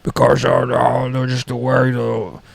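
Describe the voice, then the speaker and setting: A man's voice: medium pitch, completely flat delivery, measured pace, gravelly, dry recording. A man voicing a crazy old male roommate who whines stubbornly about parking his car, in an improvised comedy bit. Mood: fussy. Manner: stubborn, petty, whiny insistence.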